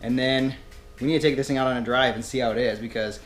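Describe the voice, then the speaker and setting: A young man hosting a car build vlog, calmly explaining his work as he goes in a home garage. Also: mid-range voice, quick pace, soft background music. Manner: laid-back, chatty, explains as he works. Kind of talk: casual garage vlog walkthrough.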